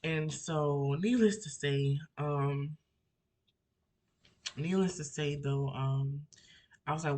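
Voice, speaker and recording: A man's voice: a little high, takes it slowly, pauses often, a little mellow. A young man in his twenties with a somewhat raised voice tells a personal story for his vlog. He rambles emotionally, circling back with fillers and restarts as he recounts it from home. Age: 20s. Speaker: vlogger.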